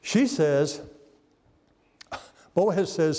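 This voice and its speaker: A man's voice: fairly high pitch, normal speed, long pauses, mellow. A middle-aged man preaching a revival sermon in a church, telling the story folksily and putting questions to the congregation. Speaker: guest preacher. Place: church sanctuary. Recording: long hall reverb.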